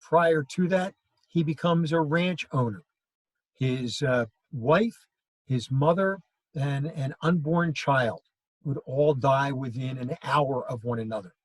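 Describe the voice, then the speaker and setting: Husky-voiced man lecturing on history. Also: medium pitch, takes it slowly, no room sound, poor audio. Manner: storytelling, acts out quoted lines. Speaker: history teacher. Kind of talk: classroom lecture.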